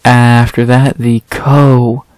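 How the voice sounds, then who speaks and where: Man, casual fight commentary, rambling, blunt, swears a lot, middle pitch, dry close sound. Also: flat delivery, slow, darkish tone, smooth, dry recording. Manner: rambling, blunt, swears freely, thinks aloud. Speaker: MMA fight predictions host.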